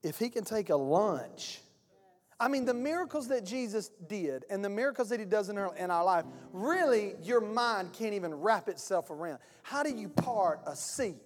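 A man's voice: high-pitched, expressive, normal speed. A man preaching a sermon as pastor, in a passionate, colloquial style in a church hall. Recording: long hall reverb with faint guitar.

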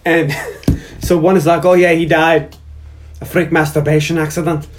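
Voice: medium pitch, level tone, normal speed, slight background noise. Casual, joking host; reads from notes; mid-range voice. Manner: jokey, reads own notes aloud. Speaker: podcast host. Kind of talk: casual movie recap chat.

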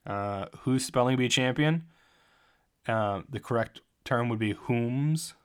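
A man's voice: medium pitch, slow pace, clean tone. A young man hosting a solo sports podcast, talking in a jokey, rambling and self-mocking way. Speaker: podcast host.

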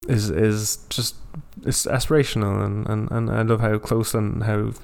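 A man in casual podcast chat with a low, gravelly voice. He talks with enthusiasm and trips over his words, restarting sentences as his thoughts race ahead. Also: level tone, normal speed, darkish tone.

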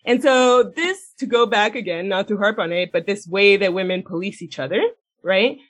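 Woman podcast cohost, swears a ton, animated, laughs a lot, regular middle pitch. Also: fairly quick. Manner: blunt, heavy swearing, animated; laughs often mid-sentence. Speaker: podcast co-host. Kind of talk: casual chat, retelling a TV episode.

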